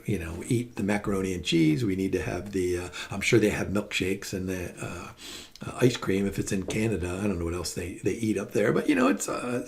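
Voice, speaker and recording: A man's voice: mid-range voice, vocal fry. A middle-aged man teaching a finance lecture in a chatty, story-telling way, asking rhetorical questions. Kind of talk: recorded lecture.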